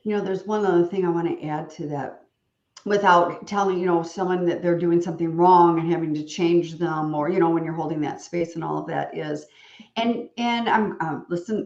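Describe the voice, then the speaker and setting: A woman hosting an interview over a video call, talking in an animated, rambling, frank way with jokes. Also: lowish voice, reverberant, highs cut off. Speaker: podcast host. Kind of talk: casual interview chat.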